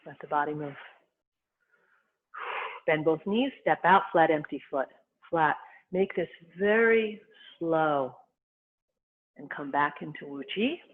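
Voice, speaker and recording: Qigong instructor, calm short cues, tinny phone-like sound. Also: mid-range voice. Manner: calm, unhurried cueing in short phrases. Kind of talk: guided movement and breathing instruction.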